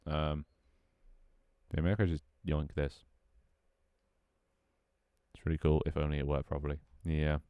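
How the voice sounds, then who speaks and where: A man's voice: extremely low pitch, flat delivery, measured pace, long pauses, clear, resonant tone, no echo, dull audio. A man streaming a game and chatting casually, rambling, swearing freely and reacting to his chat. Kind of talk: casual gameplay livestream commentary.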